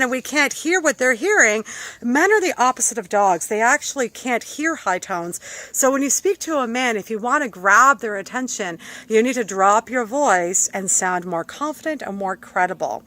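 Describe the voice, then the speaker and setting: A middle-aged woman voice coach with a slightly high voice teaches speaking skills in a casual, lively way. She breaks into quick demonstrations of different voices. The sound is dry and close, with no room echo. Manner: demonstrates voice qualities with playful imitations and laughs. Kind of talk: casual on-camera voice lesson.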